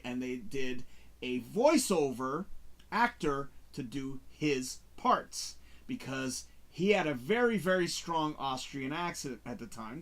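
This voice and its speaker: A man hosting a casual talk show, chatting about movies in an animated, rambling way. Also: medium pitch. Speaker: show host reviewing movies.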